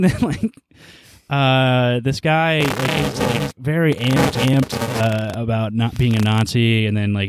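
A man's voice: on the low side, slight background noise. A man hosting a casual podcast chat, laid-back and rambling, laughing often as he talks. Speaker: podcast host.

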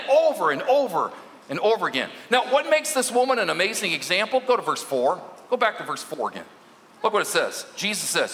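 A man's voice: high voice, sharp tone, long reverb tail, poor audio. A man preaching a sermon as lead minister, earnest and at times emphatic.

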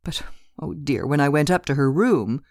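A woman's voice: sits low, animated, normal speed, a little mellow, no echo, clean studio sound. A woman narrator voicing a chatty, gossipy middle-aged landlady in an audiobook, rambling and talkative.

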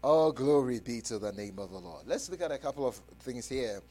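A male pastor preaching a radio sermon, fervent and full of restarts and praise interjections, leading his listeners in loud call-and-response repetition of scripture. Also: medium pitch, lively intonation, a little fast. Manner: shouting scripture with the congregation.

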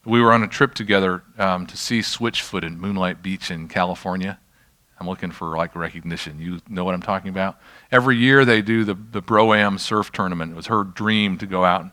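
A middle-aged male pastor delivering a sermon in a relaxed, storytelling manner. His voice sits fairly low but has a forceful, bright edge. He drifts into self-deprecating asides and brings the room back to his point. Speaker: pastor leading a healing ministry.

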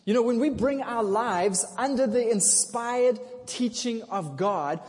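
A man preaching a sermon. He swings from hushed to loud, laughs often, and. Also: very high voice, slow. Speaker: pastor. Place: church hall. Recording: long hall reverb.

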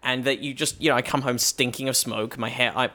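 A man's voice: mid-range voice, fairly even intonation, fairly quick, bright, forceful tone. A British man, a comedian, chatting casually on a podcast and telling a meandering story full of restarts. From Britain. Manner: rambling storyteller with many restarts. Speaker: comedian guest. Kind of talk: casual chat.

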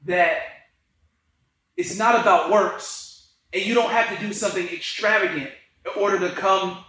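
High bright-voiced man in an echoey room. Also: moderate pace. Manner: explains scripture in relaxed slangy talk. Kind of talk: casual faith podcast chat.

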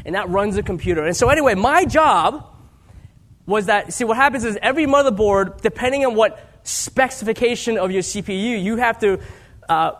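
A man around forty preaches as a guest speaker, his voice sitting fairly high for a man. He talks like he is chatting with the congregation, joking at his own expense. His delivery swings from quiet, hushed asides to raised, emphatic lines. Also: lively intonation, fairly quick. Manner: conversational storytelling with self-deprecating humor. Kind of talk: sermon.

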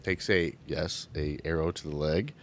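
A man's voice: very deep voice, moderate pace, a little hiss or hum. A man co-hosting a podcast, chatting casually about a movie, joking and acting out quotes in raised voices. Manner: animated, jokey, acts out quotes in raised voices. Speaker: podcast co-host.

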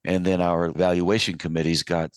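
A man hosting a radio interview, asking drawn-out, playful questions. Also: low-pitched, level tone, dry recording. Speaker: radio host.

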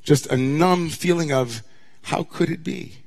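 A man's voice: a little high, unhurried, creaky. Man preaching a dramatic sermon. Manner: dramatic, swinging from hushed near-whispers to impassioned declamation. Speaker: rabbi.

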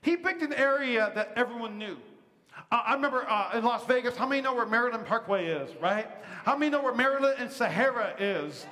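Guy pastor preaching, high voice, chatty and asking the crowd stuff, big echoey church hall sound. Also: lively intonation, fairly quick, pushed and bright. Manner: conversational, quizzing the congregation. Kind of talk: sermon. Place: church service.

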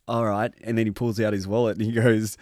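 A man's voice: lowish voice, flat delivery, fast talker, mellow, dry recording, clean studio sound. A young Australian man, a podcast co-host, telling a rambling story in casual chat, swearing and laughing often.

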